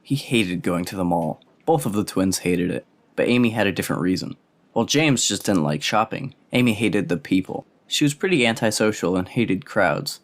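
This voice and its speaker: Audiobook narrator, male, very low pitch, steady read. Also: normal speed.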